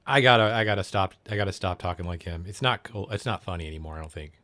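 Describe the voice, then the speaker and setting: A man's voice: fast, a bit bright. Crude, rambling young male streamer. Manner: crude, rambling, self-mocking, low-key. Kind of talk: casual livestream chat.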